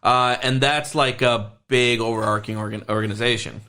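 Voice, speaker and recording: Relaxed male co-host explaining. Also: mid-range voice, normal speed. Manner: explanatory, relaxed, laughs easily. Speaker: podcast co-host. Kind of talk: casual chat.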